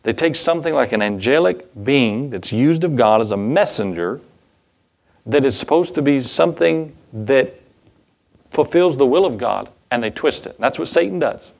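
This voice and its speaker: A man's voice: medium pitch, lively intonation, normal speed, gravelly. A male pastor preaching a sermon in a casual, folksy way, with asides and chuckles.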